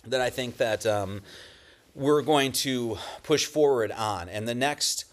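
A man's voice: mid-range voice, slow pace. A man giving a casual, rambling church talk as pastor, joking and swearing, with many restarts. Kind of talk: casual sermon. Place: at home with dogs nearby.

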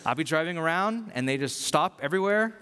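A man preaching a sermon as a pastor, in a conversational, self-deprecating way with animated storytelling. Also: a little high, fairly quick, clean tone, big-room sound.

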